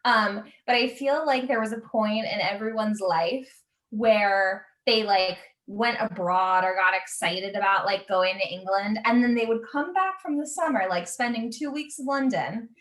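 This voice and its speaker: A woman's voice: medium pitch, measured pace, a bit bright, rough recording. A woman from New York co-hosting a comedy podcast, chatting casually, laughing often and swearing, over a remote call. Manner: giggly, frequent laughter, swearing. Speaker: podcast co-host. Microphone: remote call setup.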